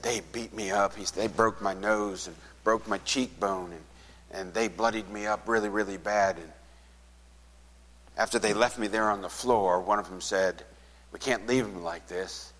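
A man's voice: lowish voice, a little slow, long reverb tail. A man preaching as a pastor, retelling a conversation and acting out both speakers, dropping to a near whisper at the saddest parts. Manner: retells a conversation, acting out both sides, softening to a hush at sad moments. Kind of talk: sermon storytelling.

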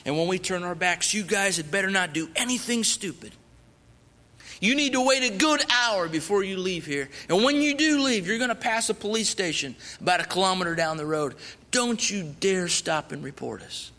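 A man voicing a calm, menacing male robber who gives stern warnings. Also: sits high, a little slow, pitched above the performer's own voice, full character voice. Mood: threatening.

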